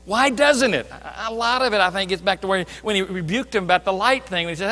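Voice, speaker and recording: A man preaching a sermon as pastor, emphatic, swinging between loud declarations and hushed asides. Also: high voice, fast, few pauses, in a large hall. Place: church sanctuary.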